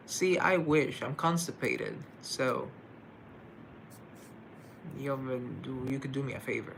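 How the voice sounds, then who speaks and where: A relaxed man chats through a livestream at an unhurried pace, his voice carrying a gravelly rasp. He reads out viewer comments and answers them playfully, joking with himself along the way. A faint hiss of noise sits under the voice. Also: medium pitch. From United States. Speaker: livestream host. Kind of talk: casual livestream chat reading comments.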